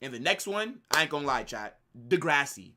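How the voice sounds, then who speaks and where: Animated, bright-voiced young man streaming. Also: a little high, fairly quick. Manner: slangy, rambling, animated. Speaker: watch-along streamer. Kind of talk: casual live-stream chat to viewers.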